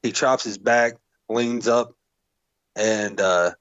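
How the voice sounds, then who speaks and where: A man co-hosting a wrestling review podcast, laid-back and quick to swear and laugh in casual chat. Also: fairly low pitch, steady tone, fairly bright tone, smooth, no echo. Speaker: podcast co-host. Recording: dull lo-fi mic.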